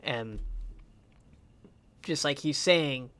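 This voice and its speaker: A man's voice: medium pitch, very slow, pushed and bright. A young man giving casual reaction commentary on a music video, passionate and swearing a lot, repeating himself as he rambles, emotional and close to tears. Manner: passionate, profane, repetitive and rambling.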